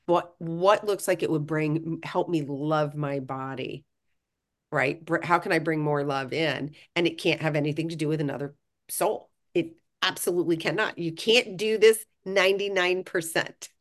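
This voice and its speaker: Woman podcast co-host, low voice, frank and earnest, casual swearing. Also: normal speed. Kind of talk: casual self-help podcast chat.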